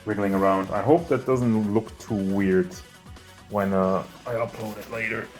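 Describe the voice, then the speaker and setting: Loud music plays behind this man's lowish, fairly even voice as he talks at a measured pace. He's walking through his home with a handheld camera, casually showing off the toy collection on his figure shelves, rambling, poking fun at himself, and sounding winded.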